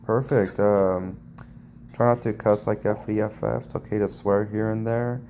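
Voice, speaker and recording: A man hosting a live podcast, speaking briskly and casually to callers. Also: lowish voice, level tone, warm tone, a little hiss or hum. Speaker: podcast host.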